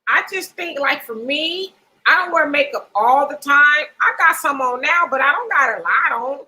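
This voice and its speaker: A woman's voice: high voice, lively intonation, normal speed, bright, forceful tone, low-quality recording. A middle-aged woman hosting a casual live chat show, reading viewer comments aloud and laughing often. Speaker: host.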